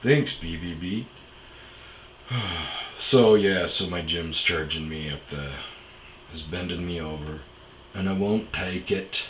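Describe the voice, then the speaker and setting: A man with a deep voice tells a rambling personal story in a casual, animated way, slipping into the back-and-forth of the people involved and cursing now and then. He is recorded in an echoey room with a faint hiss underneath. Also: unhurried. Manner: animated, acts out dialogue, swears freely. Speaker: podcast host. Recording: roomy echo, faint background hiss.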